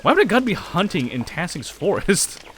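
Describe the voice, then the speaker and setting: A blunt, skeptical young woman painter, read by a man in a mostly plain voice with animated pitch. Lines are read aloud from a game's dialogue. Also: moderate pace, a little hiss or hum.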